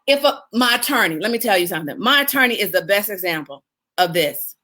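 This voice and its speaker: A woman hosting a live video stream, giving animated, expressive coaching advice, laughing often and answering viewers' comments as they come in. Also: medium pitch, quick pace.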